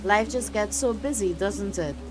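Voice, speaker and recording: A woman's voice: medium pitch, moderate pace, lightly acted, low-quality recording. A woman reading the lines of a bitter older sister in mourning in a game, cold and cutting. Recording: game music behind.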